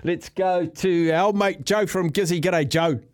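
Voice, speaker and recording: A man's voice: high voice, steady tone, unhurried, no echo, studio quality. A man with a New Zealand accent hosting casual sports talkback radio, laid-back and jokey as he reads out listener entries. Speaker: radio host. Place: radio studio.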